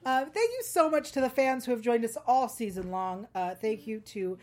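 Woman host chatting about tv, kinda high voice, laughs lots, lots of um. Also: lively intonation, moderate pace, darkish tone. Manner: chatty, laughs often, many ums. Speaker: podcast host. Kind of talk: casual chat and read ad.

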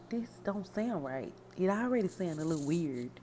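A woman hosts a casual podcast and gives running commentary on song lyrics. She talks in an animated, sassy way and swears freely. Her voice is somewhat low and mellow, with faint background noise. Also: normal speed, few pauses. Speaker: podcast host.

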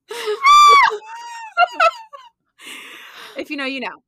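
A woman's voice: high voice, huge pitch swings, drawn-out words, long pauses, heavy background noise. A young woman co-hosting a podcast, talking casually with lots of fillers and frequent laughs. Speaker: podcast co-host. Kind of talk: casual chat.

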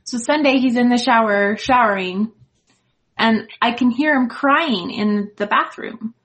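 Woman, 30s, mother, casual chat, storytelling, slightly high voice. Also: measured pace, fairly bright tone, rough recording. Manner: chatty, acts out her son's lines. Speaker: mom and co-host.

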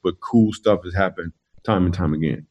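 A man with a fairly low voice recounts his own stories in a relaxed interview. He is animated and jokey, and he laughs along with his own punchlines as he goes. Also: normal speed, highs cut off. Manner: animated storyteller, laughs through his jokes. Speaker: comedian guest. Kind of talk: casual interview storytelling.

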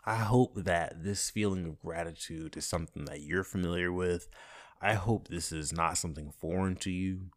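Low-voiced man musing on his own podcast. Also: moderate pace. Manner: expressive, swings from soft and reflective to loud and playful. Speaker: podcast host. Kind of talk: casual solo podcast monologue.

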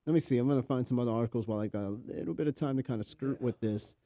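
Racing along in a warm, medium-pitched voice, this podcast host reads news stories aloud and throws in casual, profane asides. He is a married man with a New York accent, and the recording has slight background noise.

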